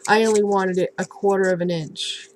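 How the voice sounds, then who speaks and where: A woman casually showing and explaining a handmade album in a relaxed, halting way, with many ums and restarts. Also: mid-range voice, slight background noise, poor audio. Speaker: crafting vlogger. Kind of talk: casual show-and-tell craft tutorial.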